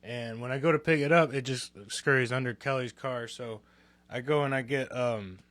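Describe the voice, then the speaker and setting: A man's voice: medium pitch, moderate pace, fairly bright tone, no echo. A young man co-hosting a podcast, telling a story in casual chat, candid and swearing freely. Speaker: podcast co-host.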